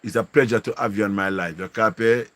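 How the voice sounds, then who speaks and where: A man's voice: fairly low pitch, fast, a bit bright. A man with a Jamaican accent hosting a casual live stream, greeting viewers and repeating slangy catchphrases. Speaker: livestream host.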